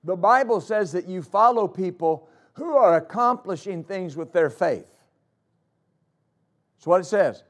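Male pastor mid-sermon; raised pitch, emphatic delivery with repeated phrases and loud-soft swings. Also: expressive, unhurried. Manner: emphatic, repeats phrases for stress, rises and drops loudness.

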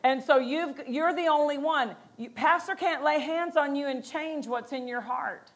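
A woman's voice: high voice, measured pace. A woman pastor preaching a sermon in a conversational way, acting out quotes and laughing between points.

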